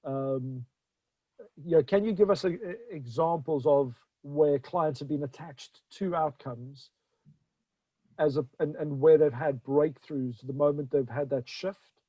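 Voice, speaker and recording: A male interview host who asks questions in a halting way, restarting and stumbling over his words. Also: fairly high pitch, slightly rough, no echo, muffled recording. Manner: halting, many fillers and restarts. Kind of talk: conversational interview.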